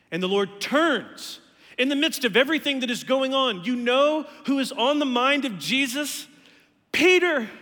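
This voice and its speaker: A man's voice: sits high, pushed and bright, in a large hall. A man preaching a sermon earnestly, his voice climbing emphatically on key words. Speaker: pastor.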